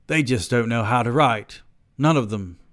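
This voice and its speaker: A man's voice: medium pitch, moderate pace, a bit bright, dry recording, voice pushed up, natural voice. A man voicing an aloof older male writer with a British accent, speaking in clipped, dry pronouncements. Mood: scornful.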